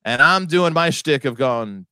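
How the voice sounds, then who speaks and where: A man's voice: fairly high pitch, animated, measured pace, clear, resonant tone, no room sound. A man co-hosting a comedy podcast, telling rambling stories with frequent laughs. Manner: rambling storyteller, laughs often, puts on loud voices for quotes. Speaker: podcast co-host. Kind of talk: casual comedic chat.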